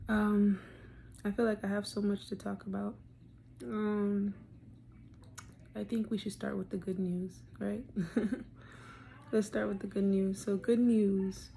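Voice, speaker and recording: Filming a video diary first in a parked car and then at home, a vlogger in her thirties speaks openly into her phone camera. She's heavily pregnant and breathless, rambling with many ums. Her mid-range voice is warm, with a bit of hiss or hum in the audio.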